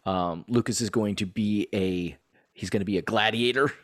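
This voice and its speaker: A man in his thirties chatting casually as a podcast co-host, telling stories with animated delivery and frequent laughter. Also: fairly low pitch, normal speed, dry recording, clean studio sound. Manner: animated storyteller who laughs often. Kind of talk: casual chat.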